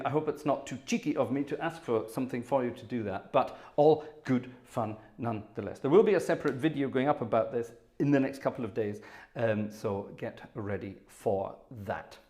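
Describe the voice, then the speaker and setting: A man's voice: medium pitch, a little fast, a little mellow. Chatty posh Scottish man. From north of Scotland. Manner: chatty, self-correcting, switches between German and English. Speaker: organist and livestream host. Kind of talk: casual livestream chat.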